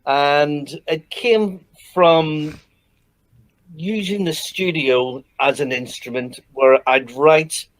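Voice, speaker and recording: Slow, halting man from England. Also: on the high side. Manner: halting, many restarts and fillers. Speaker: singer-songwriter guest. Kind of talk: interview answers.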